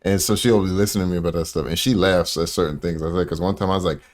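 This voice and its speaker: A man's voice: low-pitched, steady tone, racing. An American man hosting a casual commentary stream, telling stories animatedly with many fillers, acting out quoted voices and swearing freely. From United States.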